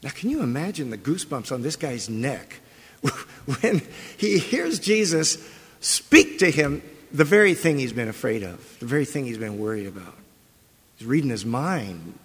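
A man preaching a sermon as pastor, conversational and animated, often asking the congregation rhetorical questions. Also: medium pitch, normal speed, slightly rough. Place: church sanctuary. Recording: long hall reverb.

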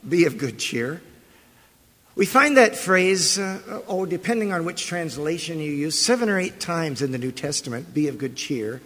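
A male pastor delivers a sermon in a lively, animated voice that sits a little high and rises and falls a lot. His voice is breathy and husky, and he keeps the congregation engaged with rhetorical questions. The sound carries a long reverb from the church hall. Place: church sanctuary.

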